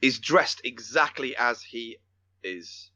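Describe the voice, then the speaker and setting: A man's voice: medium pitch, lively intonation, slow pace, bright, forceful tone, no echo. A man co-hosting a film podcast, talking casually with lots of restarts and casual swearing. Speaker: podcast co-host.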